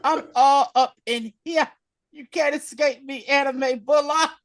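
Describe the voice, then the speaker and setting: A man's voice: very high voice, fairly even intonation, a little slow, pitched above the performer's own voice. A man putting on a smug, taunting villain. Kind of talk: acted quote in a podcast recap.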